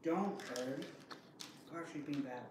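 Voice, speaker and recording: A man co-hosting a casual livestream, making quiet, low-key comments from away from the microphone. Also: slow, roomy sound. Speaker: co-host. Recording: distant and noisy, off-mic.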